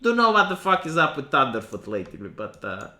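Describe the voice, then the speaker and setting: A streamer with a Romanian accent offers opinionated, sarcastic livestream commentary, often restarting his sentences. His voice is a little high and sharp, with wildly swooping pitch and a slightly fast pace.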